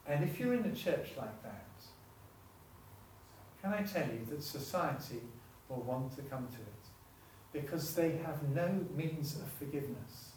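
A male preacher delivers an impassioned sermon that builds toward emotional peaks, then leads a prayer. He speaks slowly and deliberately. His voice rings through a very echoey conference hall, picked up from some distance away from the mic. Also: a little high, expressive, a little mellow, slight background noise.

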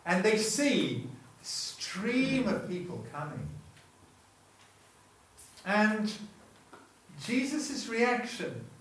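Heard from a distance in an echoey room, a preacher with a high, fairly bright voice swings widely in pitch, draws out his words, and takes long pauses. He keeps the sermon chatty, interrupting himself to question the congregation.

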